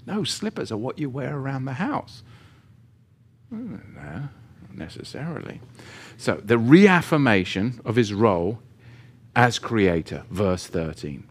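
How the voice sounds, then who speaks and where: A man's voice: medium pitch, very animated, unhurried, a little hiss or hum. Man giving an informal Bible teaching. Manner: conversational with joking asides, emphatic when reading scripture.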